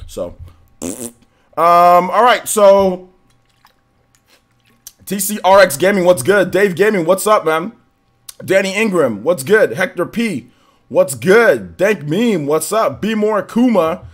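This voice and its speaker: A man streaming a game, chatting casually and giving shout-outs to viewers, his voice a little worn and still recovering. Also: high-pitched, expressive, takes it slowly, long pauses. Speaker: gaming streamer. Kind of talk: live stream chat, greeting viewers.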